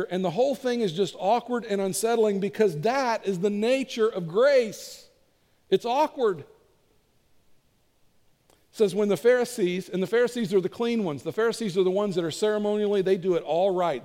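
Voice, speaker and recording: High-voiced pastor preaching in a reverberant hall. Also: male voice, dark tone. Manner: conversational storytelling with acted quotes. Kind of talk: sermon.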